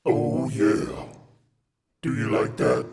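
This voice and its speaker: A man talking through a deepening voice effect and playing a gruff, mock-threatening scary man. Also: flat delivery, extremely slow, a crowd in the background, exaggerated voice. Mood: taunting. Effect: voice effect making it deep and menacing.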